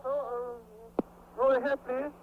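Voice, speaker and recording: High-voiced man on a tinny phone line. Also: flat delivery, slight background noise. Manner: halting English, many fillers and restarts. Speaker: delegation office clerk answering the phone.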